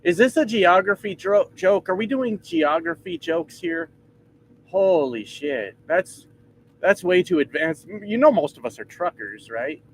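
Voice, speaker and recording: A man's voice: high voice, expressive, measured pace, slight background noise, poor audio. A man driving a truck and chatting casually with his livestream viewers, joking and swearing as he rambles. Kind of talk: casual live chat reading comments. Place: truck cab.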